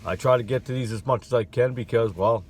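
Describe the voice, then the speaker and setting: A man in a casual talk to camera from his car, rattling off statistics in a quick, offhand way. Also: medium pitch, slightly rough. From Connecticut, USA. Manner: rapid, offhand, rattling off figures. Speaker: vlogger.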